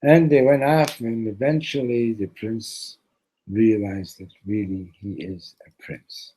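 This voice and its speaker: A man's voice: on the low side, fairly even intonation, slow pace, warm tone, low-quality recording. A man teaching a religious lesson through a parable, loose and conversational with restarts and Hebrew terms. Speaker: Torah teacher. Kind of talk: storytelling lesson.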